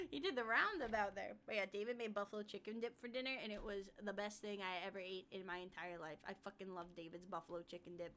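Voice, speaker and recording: A woman's voice: mid-range voice, quick pace, a bit bright, a little hiss or hum. A woman chatting casually while streaming a game, joking and giggling between comments.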